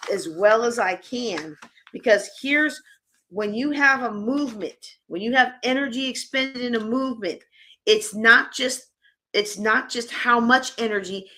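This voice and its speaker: Lively woman presenting a workshop. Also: fairly high pitch. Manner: lively and conversational, addressing the audience directly. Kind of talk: live conference workshop talk.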